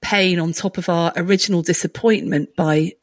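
A woman's voice: fairly low pitch, fairly even intonation, normal speed. Middle-aged woman on a podcast, chatty and reflective, laughs a lot. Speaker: podcast co-host. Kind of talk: casual conversation.

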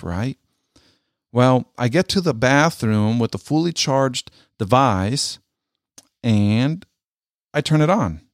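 A middle-aged man, a military veteran, telling a personal story in an earnest, halting way and often repeating his words. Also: medium pitch, no room sound, clean studio sound.

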